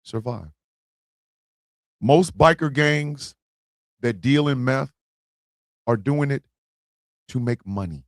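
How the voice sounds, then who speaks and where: Taking it slowly with long pauses, a medium-pitched American man hosts a livestream and delivers a blunt political monologue marked by emphatic repetition and swearing. The recording is dry with clean studio sound.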